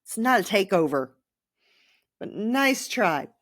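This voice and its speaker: A woman's voice: mid-range voice, big pitch swings, slow pace, a bit bright, no room sound, clean studio sound. A young adult woman hosting a podcast, ranting casually and sarcastically about her sports teams with rambling asides. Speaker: podcast host.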